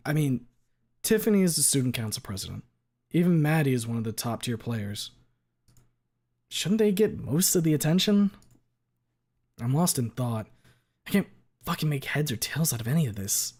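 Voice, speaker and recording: A man streaming a visual novel, reading the narration aloud as a low, muttered inner monologue with some swearing. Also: lively intonation, moderate pace, long pauses, darkish tone.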